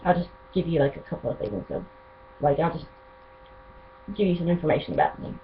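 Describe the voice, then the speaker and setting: A young woman, talking casually and eagerly to her vlog audience. Her voice sits fairly low, and her talk rambles. The audio is thin and tinny, like a phone line. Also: expressive, brisk, slight background noise. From North Carolina, USA. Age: 20s. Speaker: vlogger. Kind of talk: casual chat to camera.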